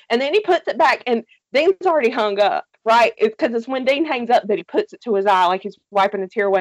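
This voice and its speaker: A woman's voice: fairly high pitch, dry recording. A woman casually recapping a TV series with a co-host, telling it animatedly, swearing freely and laughing often. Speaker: podcast co-host.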